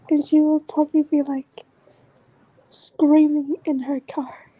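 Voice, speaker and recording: A woman vlogger talking in a casual, rambling monologue that often drifts into soft whispers. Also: high-pitched, little pitch movement, slow, poor audio.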